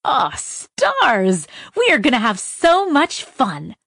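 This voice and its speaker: A woman's voice: mid-range voice, animated, unhurried, no room sound, lightly acted. A wry, fun-loving young woman in a storybook, voiced by the woman reading it. She sounds dry and amused, close to the reader's own plain voice, and the recording is close and dry. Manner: wry, playful.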